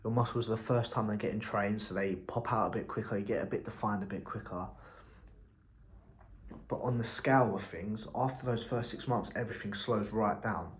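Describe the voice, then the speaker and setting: Brief: young entrepreneur, low-ish voice, loose rambling vlog talk, blunt with casual swearing. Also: male voice, steady tone, moderate pace. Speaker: entrepreneur vlogger.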